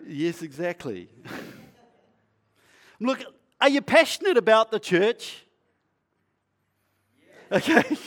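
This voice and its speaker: A male pastor preaching in a conversational, playful way, asking the congregation questions and sometimes dropping to a quiet, earnest tone. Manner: acts out a shopkeeper's sales pitch. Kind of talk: sermon.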